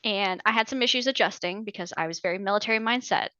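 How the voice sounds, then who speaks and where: A woman in her thirties tells her own story as a podcast guest, candid and emphatic. She acts out the exchanges in bright, forward tones. The recording is dry, a little dull in the highs. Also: fast, clean tone, no room sound. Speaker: podcast guest, Navy veteran. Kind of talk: personal story in an interview.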